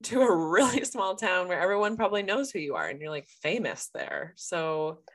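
A woman with a Western Canadian accent tells a story on a casual podcast. Her voice sits a little low, and her delivery is animated and frank, with frequent laughter. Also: normal speed. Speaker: podcast co-host.

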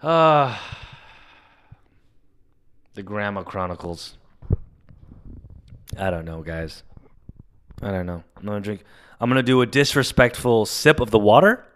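A man hosting a solo comedy podcast, telling stories in a rambling, profane way with sudden loud bursts. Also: on the low side, expressive, unhurried, pauses often, smooth. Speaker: podcast host. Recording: audio-only podcast mic.

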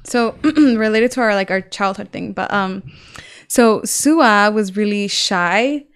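A woman's voice: medium pitch, slow, clear, resonant tone. A young woman co-hosting a casual chat podcast, telling stories animatedly and laughing as she goes. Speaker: podcast co-host.

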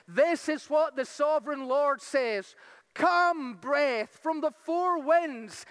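A woman preaching a sermon, reading scripture slowly and with weight, then telling stories quickly and fervently. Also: high voice, a bit bright. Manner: fervent, rising to exclamations.

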